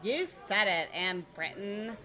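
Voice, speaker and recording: Sassy woman hosting with slow, lively delivery. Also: medium pitch, over a noisy crowd. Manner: sassy, sarcastic. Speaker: podcast co-host. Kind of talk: scripted comedy banter.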